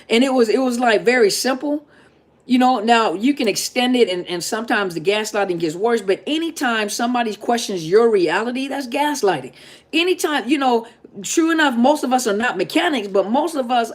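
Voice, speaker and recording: Emphatic woman with a drawl. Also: on the high side. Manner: conversational and emphatic, repeats key points, talks straight to viewers. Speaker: therapist and coach hosting a live Q&A. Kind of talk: casual live-stream talk.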